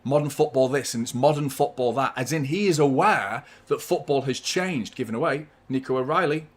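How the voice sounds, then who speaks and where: A man's voice: medium pitch, fairly quick. A man hosting a live football watchalong, giving chatty, partisan fan commentary and swearing freely.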